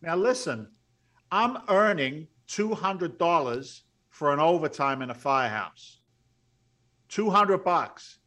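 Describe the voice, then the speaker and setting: A middle-aged man, a podcast guest, telling stories in a blunt, salty, animated way. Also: on the high side, a little slow. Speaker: podcast guest, real estate investor. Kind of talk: storytelling interview.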